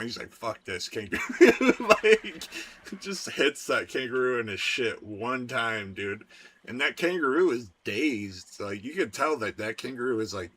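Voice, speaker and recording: A man's voice: lowish voice, bright, forceful tone, slight background noise. A man chatting casually with his stream viewers, rambling and laid-back, with lots of filler words and swearing. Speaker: game streamer.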